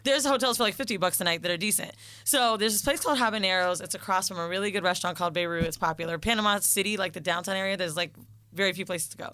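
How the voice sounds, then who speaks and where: A woman's voice: mid-range voice, very fast, sharp tone, no echo. A woman co-hosting a podcast and telling a story in casual chat, frank and profane, acting out other people's lines. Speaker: podcast co-host.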